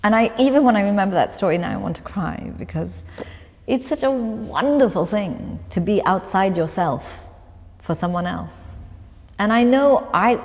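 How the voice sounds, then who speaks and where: A woman's voice: medium pitch, expressive, moderate pace, darkish tone, slight background noise. A woman author telling a personal story at a live onstage conversation, reflective and laughing often. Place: event room with long reverb. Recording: live talk with hall reverb.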